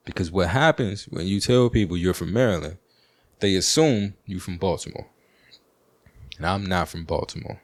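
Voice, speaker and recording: A podcast host with a D.C. talks in a deep, low register and tells a loose story. He uses slang and plenty of fillers. The recording is dry and close, with no room sound. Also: no echo. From Washington, D.C. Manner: rambling, with slang and frequent fillers. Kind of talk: casual storytelling monologue.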